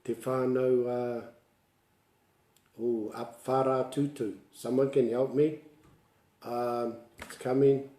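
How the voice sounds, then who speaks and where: A relaxed, mellow-voiced man with a New Zealand accent runs a casual online language lesson. He talks in a chatty storytelling way, laughs a lot and mixes Māori words into his talk. The sound is roomy and echoey. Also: medium pitch, very slow, long pauses.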